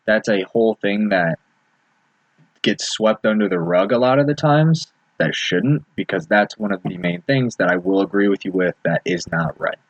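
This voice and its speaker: A man's voice: lowish voice, expressive, moderate pace, no room sound. A man talking earnestly in a casual podcast chat, swearing and using many fillers. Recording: dull lo-fi dry sound.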